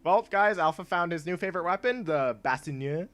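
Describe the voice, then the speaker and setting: Young male streamer, casual and rambling, animated pitch, light music bed. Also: brisk. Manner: rambling, laughs often, many "like" fillers and restarts. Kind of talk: casual gameplay stream chat.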